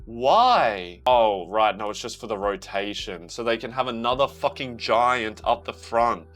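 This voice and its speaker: A young man reacting to a manga, reading panels aloud in a casual, excitable way, swearing freely and bursting into shouts. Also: lowish voice, moderate pace, soft background music. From Australia.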